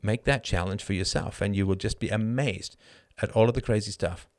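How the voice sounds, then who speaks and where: Animated lowish-voiced middle-aged male host. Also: brisk. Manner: animated, frequent rhetorical "right?", laughs mid-sentence. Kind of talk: live show monologue answering chat questions.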